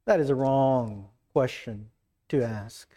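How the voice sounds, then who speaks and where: A man preaching a sermon in an earnest, emphatic way, acting out quoted lines with shifts in pitch and pace. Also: slow pace, warm tone. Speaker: pastor.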